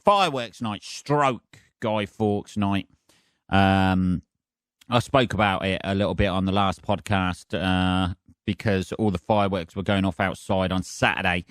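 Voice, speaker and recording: A man hosting his own podcast from his flat, ranting casually with lots of swearing and sarcasm. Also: on the low side, normal speed, smooth, dry recording, clean studio sound. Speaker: podcast host. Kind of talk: casual solo podcast rant. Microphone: decent home podcast setup.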